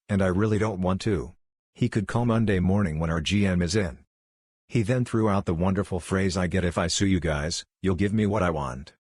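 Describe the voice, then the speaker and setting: A man reading online posts aloud in a flat, even narrating style. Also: sits low, dry recording, clean studio sound.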